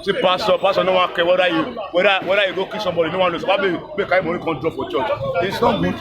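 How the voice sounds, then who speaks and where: A man's voice: sits high, steady tone, very fast, highs cut off. A man with a Nigerian accent speaking in an impassioned interview, repeating words and exhorting like a preacher. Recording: noisy crowd around the voice. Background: crowd noise.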